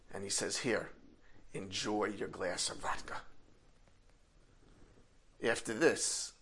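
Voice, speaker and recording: A man telling a moral tale aloud with measured, dramatic pauses. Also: fairly low pitch, a bit bright, slightly rough. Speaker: storyteller. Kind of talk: oral storytelling.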